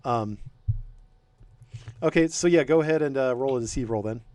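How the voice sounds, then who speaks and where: A man running a tabletop game as game master, talking in a rambling, hesitant way with many pauses. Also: mid-range voice, a little mellow, no echo. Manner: rambling, hesitant, lots of ums.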